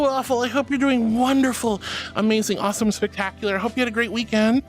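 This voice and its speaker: High pitched guy streamer gushing at his chat, calls everyone sweetie, soft music in the back. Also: very animated, fairly quick. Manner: effusive, calls viewers honey and sweetie. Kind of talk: casual chat reading viewer messages.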